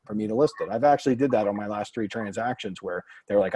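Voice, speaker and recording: A man hosting a group Q&A, telling blunt, animated stories full of quoted dialogue. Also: lowish voice, quick pace, few pauses, a little hiss or hum, poor audio. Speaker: real estate investor and mastermind host. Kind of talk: casual group Q&A coaching.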